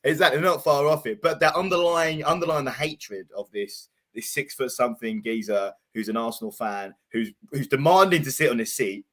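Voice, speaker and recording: A man's voice: medium pitch, fairly quick, hardly any pauses, fairly bright tone. A young man, co-hosting a football chat show, teasing his partner and calling him mate. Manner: teasing, says "mate" often. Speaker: co-host. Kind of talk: casual banter chat.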